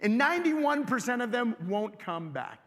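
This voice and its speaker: A high, lively male voice with a bright, forceful edge. He delivers a keynote to a live audience, firing questions at the crowd and pulling them in. The sound carries a long hall reverb. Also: moderate pace. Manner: energetic, engages audience with questions. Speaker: keynote speaker. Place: large hotel event hall.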